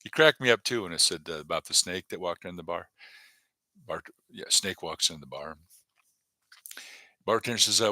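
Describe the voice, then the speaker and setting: Lively joking man with a bright voice. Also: fairly low pitch, moderate pace, pauses often, dry recording. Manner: rambling, jokey, many fillers. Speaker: comedy channel host. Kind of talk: casual live-stream chat.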